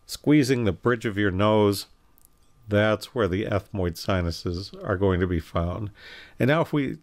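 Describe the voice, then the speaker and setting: Low-voiced man teaching anatomy. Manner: unhurried, explanatory, walking through slides; self-correcting with fillers. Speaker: anatomy instructor. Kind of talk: recorded anatomy lecture.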